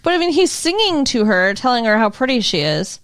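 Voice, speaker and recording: A woman co-hosting a podcast, chatty and thinking out loud in a casual movie review chat, swearing now and then. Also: on the high side, very animated, a little fast, smooth. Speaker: podcast co-host.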